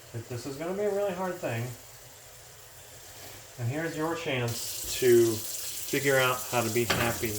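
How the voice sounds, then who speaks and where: Slow, low-key rambling man. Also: background noise. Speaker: vlogger. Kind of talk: rambling casual vlog monologue. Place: at home in a kitchen, cooking. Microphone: phone camera.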